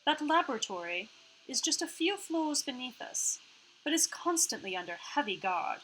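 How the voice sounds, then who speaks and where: A woman voicing a calm, measured female AI hologram with a part Australian accent. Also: sits high, a little hiss or hum, voice pushed up, rough recording. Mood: informative. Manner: measured, informative. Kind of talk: reading a visual novel aloud.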